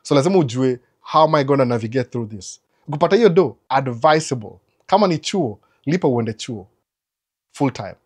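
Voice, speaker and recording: A man hosting a live Q&A stream, giving animated, lecturing advice and mixing English with Swahili mid-sentence. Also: medium pitch. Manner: animated, lecturing, asks rhetorical questions. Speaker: live Q&A host.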